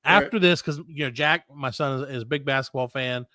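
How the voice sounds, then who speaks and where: A man's voice: medium pitch, fairly quick, pushed and bright. A middle-aged man hosting a comedy podcast, ranting with plenty of swearing and telling exasperated stories. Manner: profane, ranting, exasperated storytelling. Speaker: podcast host. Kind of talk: casual comedy podcast chat.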